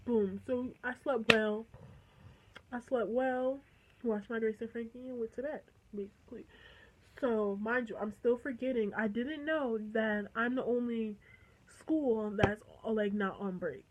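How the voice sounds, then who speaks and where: A teenage girl with a slightly high voice tells a story to the camera in an animated, chatty way. She slips into quoted dialogue and swears freely. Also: moderate pace, low-quality recording. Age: teens. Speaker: vlogger. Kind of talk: casual storytime.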